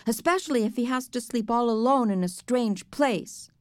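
A woman's voice: on the high side, normal speed, no echo, studio quality, voice pushed up, lightly acted. A woman voicing a cheeky, stubborn little boy who teases in a singsong voice.

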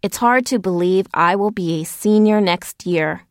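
A woman reading a first-person storybook aloud in a gentle, earnest narrating manner. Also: mid-range voice, measured pace, no echo, studio quality. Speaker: audiobook narrator.

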